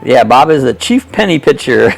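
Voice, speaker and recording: A man's voice: medium pitch, big pitch swings, moderate pace, vocal fry, faint music behind. A man in his sixties hosting a live chat, talking in a folksy, rambling way, chuckling often as he reads viewers' comments aloud. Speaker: host of a live chat stream.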